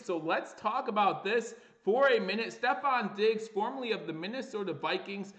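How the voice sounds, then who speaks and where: A man hosting a live sports talk stream, reading viewer chat aloud and getting excited over breaking trade news. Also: high voice, normal speed, few pauses, reverberant. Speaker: livestream sports show host.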